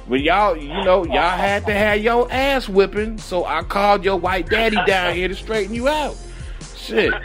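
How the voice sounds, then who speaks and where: Brief: man with a high voice, casual podcast storyteller, cusses freely, laughs through his stories. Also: moderate pace, fairly bright tone, soft background music. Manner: profane, laughs often, acts out quotes. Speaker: former prison guard telling stories.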